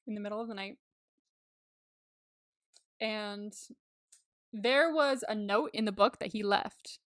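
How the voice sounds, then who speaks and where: A woman co-hosts a podcast in a relaxed, chatty way, breaking into giggles and leaning on 'like' as she goes over a movie. Her voice sits a little on the high side. The recording is dry, with no room sound around her. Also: dry recording. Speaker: podcast co-host. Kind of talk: casual chat recapping a movie.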